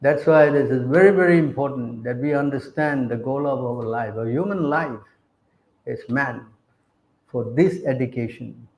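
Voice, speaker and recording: A man's voice: mid-range voice, normal speed, a little mellow, roomy sound, low-quality recording. A man preaching a sermon, emphatic, keeps asking his listeners questions. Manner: questions the audience again and again.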